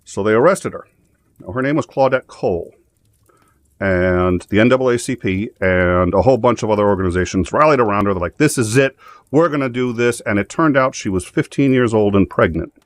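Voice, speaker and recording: A man's voice: fairly low pitch, fairly quick, dry recording. A man hosting a casual chat show, telling jokes and stories in a rambling way with many restarts. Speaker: host.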